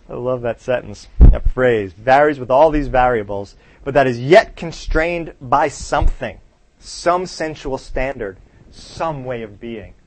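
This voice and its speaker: A male teacher lectures a classroom in a loose, conversational way, at a little slow pace and an ordinary middle pitch. He keeps throwing questions at the class and tags his points with "right?".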